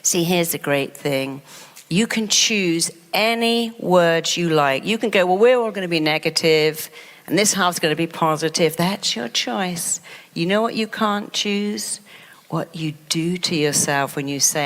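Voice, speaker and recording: Lively woman giving a motivational talk. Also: fairly low pitch, measured pace, in a large hall. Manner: animated, acts out quoted voices of clients. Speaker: therapist and speaker.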